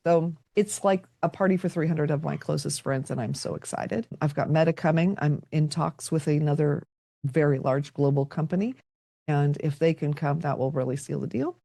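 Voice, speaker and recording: A woman's voice: low voice, normal speed, vocal fry, warm tone, dry recording, clean studio sound. A middle-aged woman, a podcast guest, talking reflectively and telling stories with quoted dialogue. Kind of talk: conversational interview.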